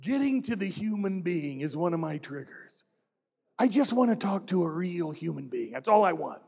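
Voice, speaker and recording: A male pastor delivering a sermon, emphatic and direct, repeating his main points and asking the congregation rhetorical questions. His voice sits high for a man, and a long reverb trails each phrase through the church. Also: big pitch swings, normal speed, gravelly, darkish tone, breathy edge. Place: church sanctuary.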